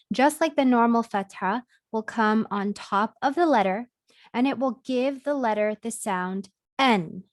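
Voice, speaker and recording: A woman teacher walks through a reading lesson at an unhurried pace, voice sitting a little high. She sounds out each letter clearly and deliberately. The recording is dry and close, with no room echo.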